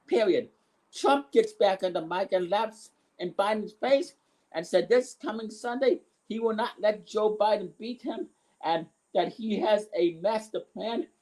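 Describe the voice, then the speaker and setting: A man recapping a wrestling show as its commentator, rambling with restarts and bursts of excitement. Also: sits high, rough recording.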